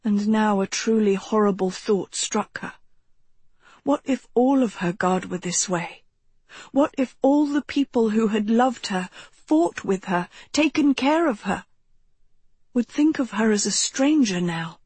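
A woman narrates a novel in a slow, gentle, measured way. Her voice is soft and breathy at a middle pitch. The recording is dry and close, with no room sound. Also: lively intonation, no echo. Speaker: audiobook narrator. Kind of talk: scripted narration.

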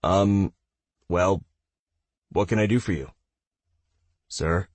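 An eager young gamer who babbles in a rush and stumbles over nervous hesitations, as a man puts him on for an audiobook. The voice is pitched up and husky. It is recorded close and dry. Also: slow pace, darkish tone, no room sound.

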